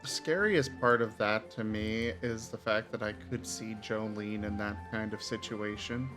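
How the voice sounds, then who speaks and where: A participant in a casual gaming chat, playful and teasing with quick jokes. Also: medium pitch, over music.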